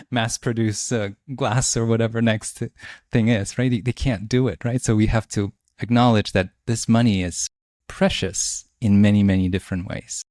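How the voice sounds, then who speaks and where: A man's voice: lowish voice, a little mellow, no room sound, studio quality. A man hosting a podcast interview, talking reflectively and thinking aloud as he shares his views. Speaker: podcast host. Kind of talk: conversational interview.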